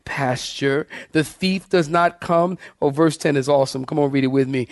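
Reading scripture aloud, this pastor works through an expository sermon, addressing the congregation as saints and urging them to follow along, with emphatic changes in pace and loudness. His fairly high voice barely pauses at a normal speed, and there is no echo.

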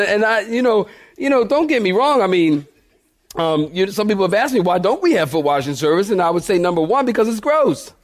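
High-voiced joking pastor. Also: male voice. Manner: joking storyteller, laughs often, addresses congregation as y'all. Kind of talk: sermon.

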